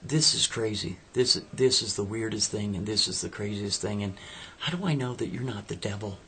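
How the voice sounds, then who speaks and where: A man voicing a skeptical, devout young woman in a spoken story, her tone incredulous and rising to shrill. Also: normal speed, sharp tone, slight background noise. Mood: wary.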